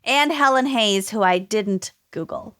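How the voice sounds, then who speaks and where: A woman's voice: mid-range voice, measured pace, fairly bright tone, clean tone, dry recording, clean studio sound. A woman podcast co-host in casual chat, loosely reading her research notes, swearing and laughing often.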